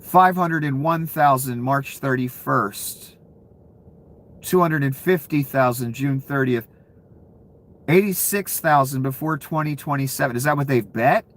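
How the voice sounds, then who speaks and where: A man's voice: medium pitch, a little slow, fairly bright tone. A man giving ranting commentary, profane and incredulous, laughing between outbursts. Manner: profane, incredulous, calls the listener "son".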